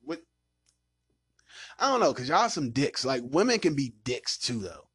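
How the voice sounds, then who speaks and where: Loud ranting male podcast host. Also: medium pitch, very animated, unhurried, husky, dry recording, clean studio sound. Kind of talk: casual podcast banter.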